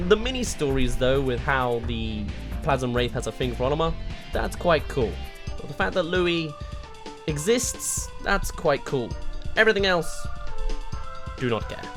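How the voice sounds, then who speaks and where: A game reviewer giving a rambling, exasperated video review, full of rhetorical questions. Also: mid-range voice.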